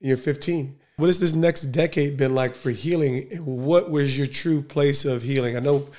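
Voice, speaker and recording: A man's voice: mid-range voice, moderate pace, darkish tone. Chatty male podcast host. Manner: conversational, many fillers and restarts. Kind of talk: casual interview.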